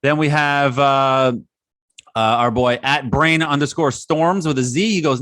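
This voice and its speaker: Male host, relaxed and chatty, reads tweets. Dry close-mic sound. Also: fairly high pitch, normal speed, dry recording. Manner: relaxed, laughs often, reads out listener tweets. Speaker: podcast host. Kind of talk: casual chat.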